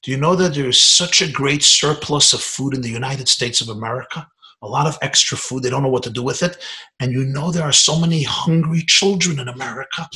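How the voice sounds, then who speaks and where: A man voicing an elderly rabbi who gives gentle, compassionate counsel in a soft, earnest way. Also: medium pitch, a little fast, lightly acted.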